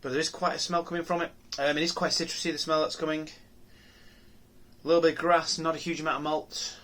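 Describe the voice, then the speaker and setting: A man's voice: on the high side, level tone, quick pace, sharp tone. A man reviewing beer on his own channel, talking casually and musing aloud with many ums, restarts and rhetorical questions.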